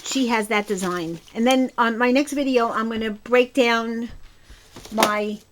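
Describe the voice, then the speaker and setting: Her voice sits a little high with fairly even intonation and an unhurried pace, and there's a faint hiss or hum in the clip. She's the Brooklyn-accented crafting channel host, rambling enthusiastically through a casual show-and-tell of her projects with a few restarts.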